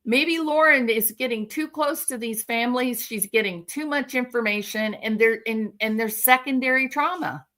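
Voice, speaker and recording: Her voice a little high and fairly bright, a female commentary channel host rants at a moderate pace with few pauses. The indignant monologue is sarcastic and furious, aimed squarely at the person she's criticizing.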